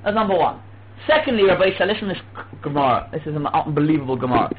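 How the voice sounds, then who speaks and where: A man teaching a religious lesson, telling stories lively and acting out quoted dialogue. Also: a little high, very fast. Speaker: Torah teacher. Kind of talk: religious lecture. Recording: tinny phone-like with faint hum.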